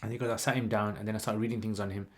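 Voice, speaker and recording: A man, hosting a livestream and telling a story in a rambling, lively way with lots of fillers. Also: fairly low pitch, rapid-fire. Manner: rambling, animated retelling with many "like" and "you know" fillers. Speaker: channel host.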